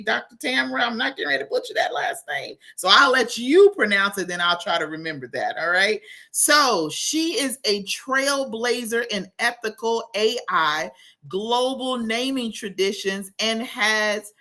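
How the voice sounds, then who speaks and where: A woman hosting a talk show over a video call, effusive and quick to laugh. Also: mid-range voice, pushed and bright. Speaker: host. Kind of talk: lively talk-show chat.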